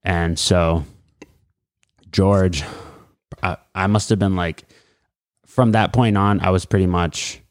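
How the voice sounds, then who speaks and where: Deep-voiced man in his late twenties. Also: steady tone, slow, pauses often, no room sound, clean studio sound. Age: late 20s. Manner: rambling, many fillers and acted-out quotes. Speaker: guest, mixed martial arts fighter. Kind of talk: casual storytelling.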